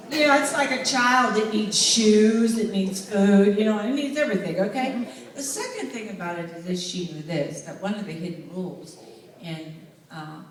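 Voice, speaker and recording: A woman with a Southern US accent addresses a live audience, telling stories with a humorous touch and bringing the listeners in directly. Her voice sits a little low. The recording catches her from a distance in a big, echoing hall, with a faint hiss underneath. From United States. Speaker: public speaker. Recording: echoey hall, voice from far off.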